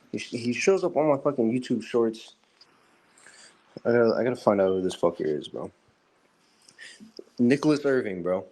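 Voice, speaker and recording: A man's voice: lowish voice, warm tone. A young man co-hosting a podcast in casual chat, talking loosely and profanely, laughing often and using plenty of filler. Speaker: podcast co-host.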